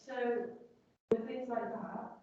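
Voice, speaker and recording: A woman's voice: a little high, steady tone, takes it slowly, dark tone, recorded from a distance. A female student answering in a class discussion, tentative and full of fillers. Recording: roomy classroom sound, dull lo-fi.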